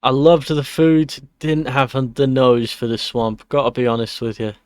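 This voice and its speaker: A man acting as game master, narrating and voicing characters in a measured way. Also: mid-range voice, smooth, dry recording, clean studio sound.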